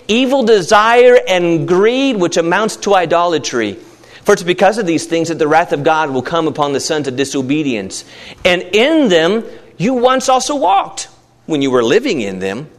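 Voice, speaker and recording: A man preaching a sermon, rising to emphatic peaks and dropping low, acting out everyday voices in asides.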